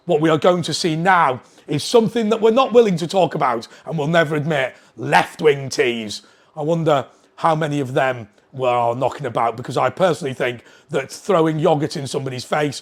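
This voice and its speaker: A man with a notably high-pitched voice delivers a political commentary straight to camera. He is indignant and keeps hammering his points with pointed rhetorical questions. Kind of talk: opinionated monologue to camera.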